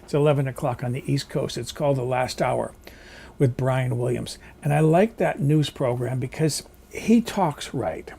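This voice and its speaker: A man's voice: medium pitch, moderate pace, creaky, dark tone, slightly rough. A man vlogging at home, chatting in a rambling, opinionated way. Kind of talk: casual rambling monologue. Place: home kitchen.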